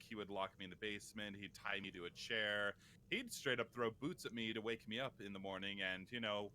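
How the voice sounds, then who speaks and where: A man's voice: on the low side, sharp tone, a little hiss or hum. A man chatting casually on a livestream during a card game, telling childhood stories with an easygoing, laughing manner. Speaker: livestream guest.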